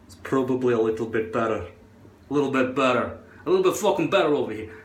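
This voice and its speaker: Talking fast and expressively in a mid-range voice, a hairpiece vlogger records in an echoey room. He adopts a put-on, playful Scottish accent and swears occasionally as he casually walks through attaching a hairpiece in front of his mirror at home.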